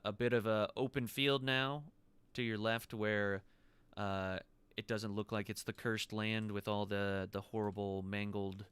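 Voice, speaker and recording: A man narrating as game master in a relaxed way, often pausing and restarting his sentences. His voice sits low and sounds very smooth and clear. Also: no room sound.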